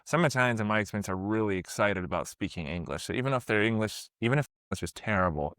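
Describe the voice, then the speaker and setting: A man's voice: lowish voice, fast, a bit bright, dry recording, studio quality. Easygoing American man hosting a chat. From United States. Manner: easygoing, chatty, laughs along. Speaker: podcast host. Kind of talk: casual chat.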